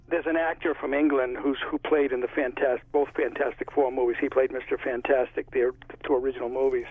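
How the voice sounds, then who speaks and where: A man's voice: medium pitch, dry recording. A man with a Connecticut accent, an author chatting in a casual interview and rambling through stories. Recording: tinny phone line, husky.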